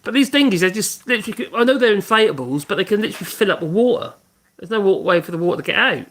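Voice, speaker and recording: A man's voice: high voice, animated, rapid-fire, fairly bright tone. A man hosting a casual woodworking livestream, rambling and humming to himself as he works. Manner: rambling, hums to himself while working. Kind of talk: casual livestream chat while working.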